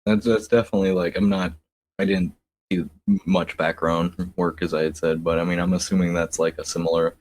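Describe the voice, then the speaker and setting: A man's voice: sits low, flat delivery, a little fast, a little mellow, a little hiss or hum. A man co-hosting a comics podcast, talking in a laid-back way with lots of fillers and frequent laughter. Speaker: podcast co-host. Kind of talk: casual comic book discussion.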